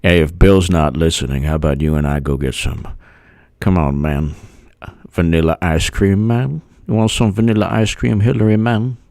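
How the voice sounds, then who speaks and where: A man puts on a low, mumbling old president who sits well below his usual pitch and drawls out every line. He wheedles along lazily, tacking "man" onto his sentences. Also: moderate pace, a little mellow, dry recording, clean studio sound. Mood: wheedling. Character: rambling elderly male president, mumbly and wheedling.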